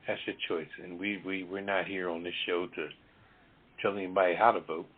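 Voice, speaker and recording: A man co-hosting a talk show, speaking in a calm, measured, even-handed way. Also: deep voice. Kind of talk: casual talk show chat. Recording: tinny phone-line audio.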